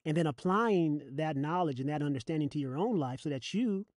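A preacher delivering a dramatic sermon, with sing-song repetition, drawn-out mocking phrases and chuckles. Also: medium pitch, expressive, darkish tone, dry recording, clean studio sound.

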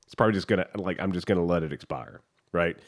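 A man co-hosting a podcast, telling a story in a casual, profane, animated way. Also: low-pitched, quick pace. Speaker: podcast co-host. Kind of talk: casual chat.

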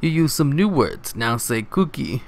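A man putting on a gruff, furry male monster puppet with a gravelly growl and clumsy broken grammar. He is fixated on cookies and teases in a middle-pitched voice. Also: lively intonation, a little slow. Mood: taunting.

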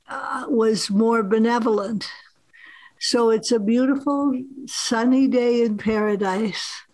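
A woman author gives a master class with a very slow, measured pace and frequent "uh" pauses. Her voice sits fairly high. The sound is dry and close. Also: no room sound, rough recording. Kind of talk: workshop talk. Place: film festival master class.

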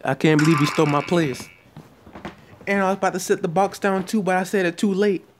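A man giving excited live commentary while playing an online game, often out of breath and reacting loudly to each moment. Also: sits high, brisk, a little hiss or hum. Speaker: gaming channel host. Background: loud game music.

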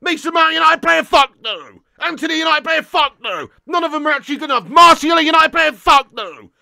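A young man rants loudly through a live football watch-along, swearing in almost every line. His voice is very high, gravelly and sharp. He sounds close and dry, with no room echo. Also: animated, brisk. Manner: angry, sweary, loud ranting. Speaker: football fan livestream host.

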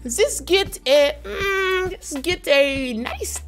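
A woman's voice: very high voice, expressive, extremely slow, soft background music, voice pushed up, exaggerated voice. A woman putting on a foreign accent and broken English to play a boastful, self-proclaimed fashion stylist. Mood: gushing. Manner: haughty, in a put-on foreign accent. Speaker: vlogger. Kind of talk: comedic persona sketch.

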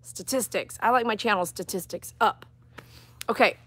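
A woman's voice: mid-range voice, moderate pace, noisy background. A woman dog groomer talking outdoors on a live-streamed grooming demonstration, chatty, coaxing and reassuring.

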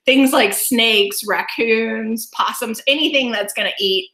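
A woman's voice: on the high side, unhurried, sharp tone, echoey room. A woman wildlife educator giving an enthusiastic online presentation over a video call, often laughing as she explains.

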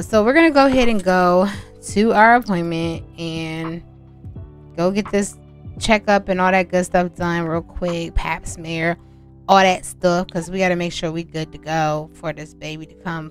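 A young woman hosts a casual game let's-play, speaking. She chats warmly with her viewers and often gets excited as she goes. Faint music plays softly behind her voice. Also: lowish voice, moderate pace. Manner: chatty, excitable, talks to viewers as y'all. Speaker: gaming channel host.

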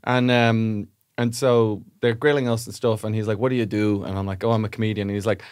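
An Irish man, a comedian co-hosting a podcast, telling a wry, self-deprecating anecdote in relaxed casual chat. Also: fairly low pitch, a little fast, hardly any pauses, clear, resonant tone, no echo, studio quality.

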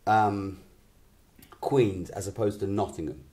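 A man's voice: fairly low pitch, fairly even intonation, slow pace, dark tone. A man in casual conversation as co-host, asking long, winding questions. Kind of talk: casual chat.

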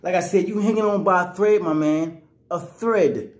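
Man, angry sports rant, raised pitch, roomy echo. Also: normal speed. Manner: angry, repetitive, slangy. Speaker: sports vlogger.

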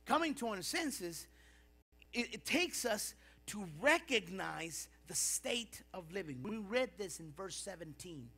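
A middle-aged man preaches a sermon in a church, his voice sitting very high and ringing with a bright, sharp edge. He swings between quiet, reflective stretches and loud, impassioned bursts. A low mains hum runs under the recording. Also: big pitch swings, unhurried, creaky, slightly rough. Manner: impassioned preaching with rising and falling intensity. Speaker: pastor.

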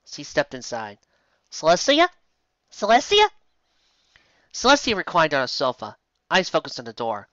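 A woman reading fan fiction aloud in a lively storybook narration with casual asides. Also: a bass voice, fairly quick, dry recording. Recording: dull lo-fi dry home recording.

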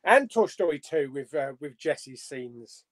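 Lively man with a bouncy voice. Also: fairly high pitch, measured pace, no echo. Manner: lively, reads out chat comments. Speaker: guest. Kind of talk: casual live-stream chat.

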